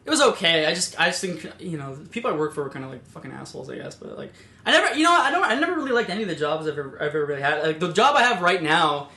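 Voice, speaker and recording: Animated, high-voiced young man telling stories. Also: very fast. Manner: swearing, lively storyteller, acts out quotes. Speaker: podcast co-host. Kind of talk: casual chat, storytelling. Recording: echoey room.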